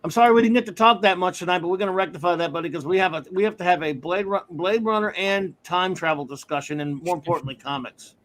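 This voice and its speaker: A man's voice: sits high, fast, hardly any pauses, a bit bright. A man hosting a casual live stream, enthusiastic and a bit flustered, talking through a computer mic. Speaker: host.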